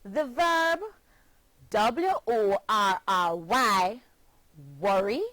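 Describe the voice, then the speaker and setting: Very slow Jamaican woman teaching phonics. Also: medium pitch, animated, a bit bright, dry recording, low-quality recording. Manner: deliberate, spells words letter by letter. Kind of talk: slow scripted phonics lesson.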